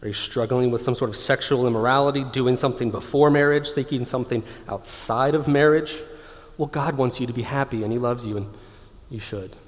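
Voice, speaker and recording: A male pastor in his thirties delivers a sermon with forceful emphasis, often slowing to drive a point home. His mid-pitched voice rings out with a long reverb tail from a large church hall. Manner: emphatic preaching, slowing down to stress key lines.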